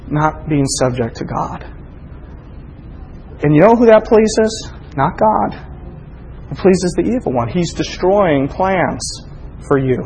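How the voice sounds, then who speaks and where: A man preaching a sermon with passion, his husky voice swinging from hushed, slow lines to near-shouting. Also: sits high. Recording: long reverb of a large hall.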